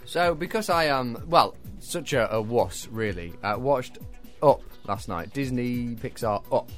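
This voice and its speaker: A man hosting a breakfast radio show in a studio, chatting casually, self-mocking and quick to laugh. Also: mid-range voice, expressive, soft background music. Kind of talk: casual chat with quiz. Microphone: studio microphone.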